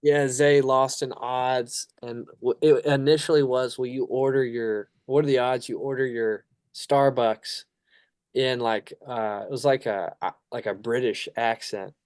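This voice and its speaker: Brief: man, band guest, smooth clear mid voice, relaxed amused storyteller, dry close mic. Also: medium pitch, a little slow, dry recording. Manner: relaxed, amused anecdote telling. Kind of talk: casual storytelling.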